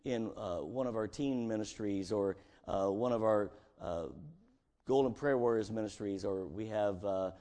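A man's voice: on the low side, moderate pace, dark tone. A male pastor preaching a conversational sermon and acting out scripture dialogue, in a church sanctuary.

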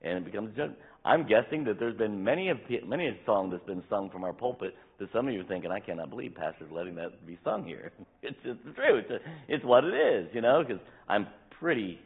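A man's voice: fairly low pitch, very animated, a little fast, hardly any pauses, husky. A middle-aged man preaching a sermon as pastor, candid and conversational, acting out little quoted asides to make his points. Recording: tinny phone-like sound.

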